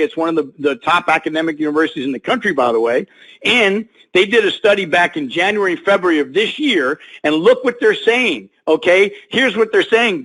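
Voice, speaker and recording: A middle-aged man presenting a business opportunity on a conference call, pitching emphatically and folksily with lots of rhetorical questions. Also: a bit bright, husky, rough recording. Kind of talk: motivational sales pitch over a slide presentation.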